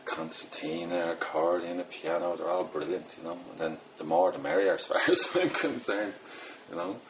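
Very deep-voiced Dublin man rambling. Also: moderate pace, slight background noise, low-quality recording. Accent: Dublin Irish. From Ireland. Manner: rambling, self-deprecating, many fillers. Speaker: poet. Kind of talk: casual interview talk.

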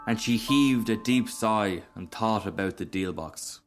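A man reading a fairy tale aloud as narrator, in a measured, expressive storytelling manner. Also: lowish voice, faint music behind.

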